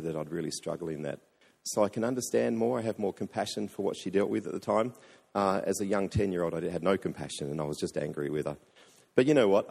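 A man's voice: low-pitched, vocal fry, darkish tone, husky. A man, a pastor telling a personal story in a sermon, earnest and acting out the voices he quotes. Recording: long hall reverb.

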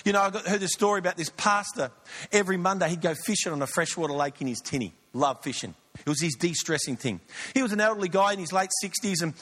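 Male pastor, very high and bright voice, lively storytelling sermon. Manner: animated storytelling, shouting punchlines.

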